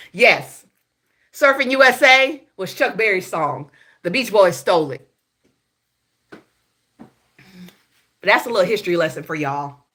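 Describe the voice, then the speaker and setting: Here a gossip show host from Houston, Texas speaks in a lowish, fairly bright voice with a Southern accent. She keeps things loose and profane, laughing as she goes and calling her viewers "y'all."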